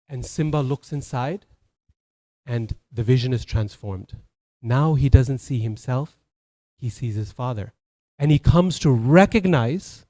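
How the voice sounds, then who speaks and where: A man's voice: mid-range voice, unhurried, warm tone. A man giving a Sunday sermon as a temple speaker, telling stories conversationally, with many fillers and restarts.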